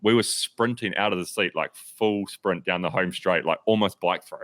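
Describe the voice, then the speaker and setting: A man's voice: low voice, fairly bright tone, dry recording. A man who races bikes for a living, chatting casually and telling stories packed with fillers. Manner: quick, breathless storytelling with many fillers. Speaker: professional cyclist. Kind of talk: casual chat.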